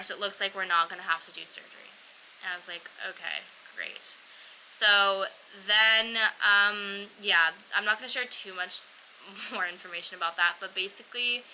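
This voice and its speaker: A woman's voice: medium pitch, background noise. A young woman casually telling her own story, chatty and blunt, swearing freely and acting out what others said. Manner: chatty, swearing, lots of "like" fillers, mimics others in quotes.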